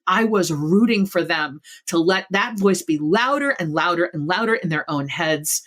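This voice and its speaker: Earnest middle-aged woman, lowish voice. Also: lively intonation, normal speed, a bit bright. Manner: earnest, emphatic, building lists. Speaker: guest author. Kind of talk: podcast interview.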